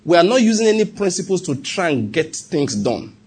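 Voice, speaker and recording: A man with a Nigerian accent preaching a sermon as pastor, animated and humorous, asking the congregation rhetorical questions. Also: high-pitched, fairly quick, breathy edge.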